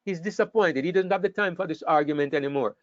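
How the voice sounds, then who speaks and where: A man teaching an online Bible class, talking in an animated way and sometimes repeating words as he thinks. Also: on the high side, quick pace, no room sound. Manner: animated, acts out scripture quotes, repeats words while thinking. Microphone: online call microphone. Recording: dull, dry online call audio.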